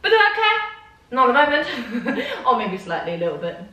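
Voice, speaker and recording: A woman's voice: high-pitched, wildly swooping pitch, fairly quick, sharp tone. A woman vlogging casually to a camera in her bedroom, chatty and rambling, sometimes turning to talk to her dogs. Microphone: camera set up in the room.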